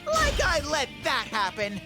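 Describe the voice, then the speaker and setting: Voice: high-pitched, huge pitch swings, unhurried, over loud music, heavily acted. An actor playing an earnest, cheerful mascot boy in a game, eager and stammering when flustered. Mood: determined.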